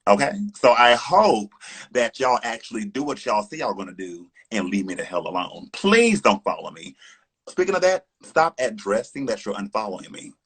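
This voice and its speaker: A man's voice: on the low side, very animated, normal speed, a bit bright, slightly rough. A man, a drag performer, ranting defiantly on a live stream, sassy and heated, swearing often and calling listeners honey.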